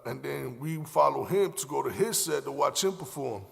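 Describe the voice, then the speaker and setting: Podcast host, young man, gravelly voice, slangy rambling storyteller, long reverb on the recording. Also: medium pitch, lively intonation, normal speed. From Miami, Florida. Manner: slangy, profane, loose rambling with many fillers. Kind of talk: casual storytelling.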